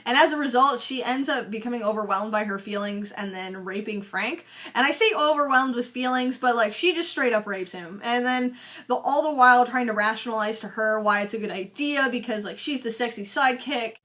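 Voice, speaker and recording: A woman's voice: on the high side, fairly quick, bright, forceful tone. A young woman recapping a film in a chatty, sarcastic way, peppered with "like" and swearing. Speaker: movie reviewer. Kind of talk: casual movie recap vlog.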